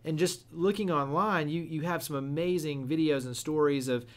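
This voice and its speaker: A man's voice: on the high side, moderate pace. A man hosting a casual interview, affirming and summing up his guest's points. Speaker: interview host.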